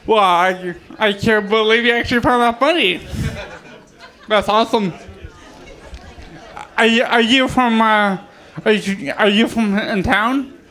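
A man's voice: high voice, measured pace, long pauses, bright, forceful tone. A man doing a stand-up comedy set at an open mic, who talks with a speech impediment and jokes about it with the crowd. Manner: self-deprecating, joking with the crowd. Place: bar stage with live audience.

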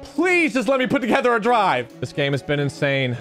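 A man giving live commentary over his own video game match, excitable and talking straight at the game as he plays. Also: sits high, a little fast, few pauses, soft background music. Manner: excitable, talks and pleads at the game.

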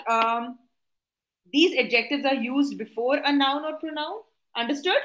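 A woman's voice: on the high side, fairly bright tone, reverberant, poor audio. A woman teaching a live online class, coaxing answers with repeated questions and tag questions.

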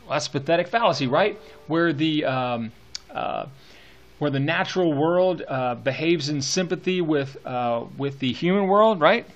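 A man's voice: a little high, lively intonation, a little slow, muffled recording. A male teacher lecturing on poetry with enthusiasm, reading verse aloud with relish.

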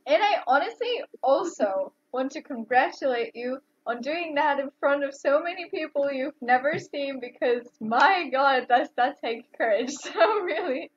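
A woman's voice: high voice, lively intonation, unhurried, hardly any pauses, highs cut off. A woman gushing encouragement in casual chat. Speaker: audience member.

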